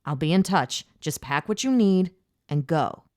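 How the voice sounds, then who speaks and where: A man's voice: a little high, lively intonation, no room sound, clean studio sound. A woman doing a clipped, urgent brother on the phone. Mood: urgent, commanding. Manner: rushed and clipped. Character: urgent curt young man on a phone.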